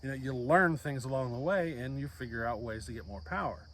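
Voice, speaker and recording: A man's voice: medium pitch, a little fast, a bit bright, a little hiss or hum. A man hosting a chainsaw channel, chatting casually to the camera in a folksy, rambling way with lots of fillers, outdoors.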